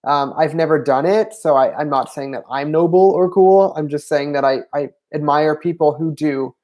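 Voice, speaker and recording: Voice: medium pitch, normal speed, a little mellow. Hesitant livestream host thinking aloud. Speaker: language channel host. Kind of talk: livestream Q&A, answering viewer questions.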